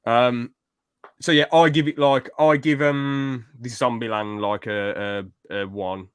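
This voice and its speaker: A man's voice: medium pitch, fairly even intonation, a little slow, smooth. A man talks loosely on a podcast, rambling from one opinion to the next with casual swearing. His voice sits in an ordinary middle register. The sound is dry and close, with no room echo. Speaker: podcast co-host.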